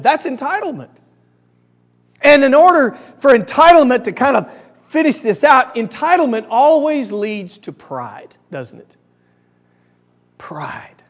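A male preacher delivering a sermon, animated and coaxing the audience to repeat lines after him. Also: extremely high pitch, in a large hall.

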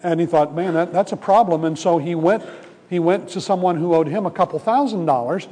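A man's voice: on the high side, a little fast, mellow. A male pastor giving a sermon in a conversational storytelling way, acting out the voices in a parable. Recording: long hall reverb.

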